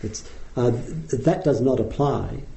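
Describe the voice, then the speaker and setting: A middle-aged Australian man giving a dharma talk as a meditation teacher, explaining in an unhurried way with frequent ums. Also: medium pitch, vocal fry, warm tone, rough recording.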